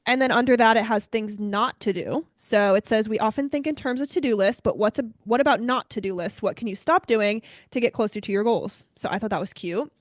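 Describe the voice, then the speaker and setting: A young woman co-hosting a podcast, chatting casually and brightly, often addressing listeners as "you guys.". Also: fairly high pitch, brisk, few pauses, dry recording, clean studio sound. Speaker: podcast co-host. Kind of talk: casual chat.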